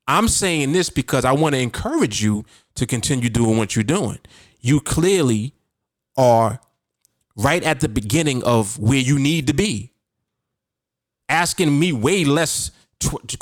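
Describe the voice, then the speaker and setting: A man's voice: on the high side, no echo, studio quality. A man hosting a podcast, coaching his listeners in a casual, emphatic and repetitive way. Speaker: podcast host and trading coach. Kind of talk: casual motivational talk.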